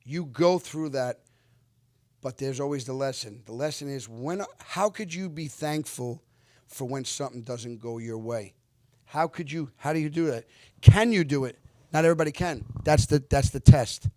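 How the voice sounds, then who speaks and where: A man in his fifties, an actor guest on an interview show, telling stories in an animated, earnest way. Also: medium pitch, moderate pace, no echo, clean studio sound. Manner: animated, lively retelling with acted-out quotes; earnest, reflective when giving life lessons. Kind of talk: casual storytelling interview.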